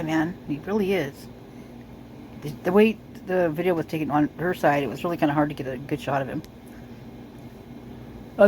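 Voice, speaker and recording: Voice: medium pitch, a little mellow, a little hiss or hum, poor audio. Rambling, suspicious video commentator. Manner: rambling, full of fillers and restarts; suspicious, speculative. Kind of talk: casual commentary over news footage.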